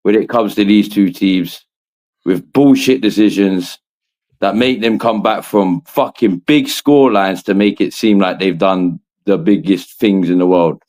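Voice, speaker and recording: Man, low voice, emphatic, swears a lot, football chat. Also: measured pace, a little mellow. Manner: slangy, emphatic, swears freely. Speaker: co-host.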